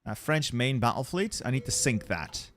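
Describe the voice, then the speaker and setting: A young adult man with a mid-pitched voice, live-streaming a strategy game. He talks casually to himself as he plans, stalling and repeating words before he commits to a move. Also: normal speed, slight background noise. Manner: thinking aloud, relaxed, repeats words while planning.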